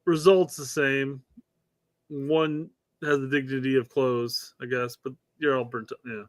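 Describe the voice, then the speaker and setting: A man's voice: medium pitch, level tone, unhurried, no echo. A man co-hosting a casual soccer podcast, dry and laid-back in manner. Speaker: podcast co-host.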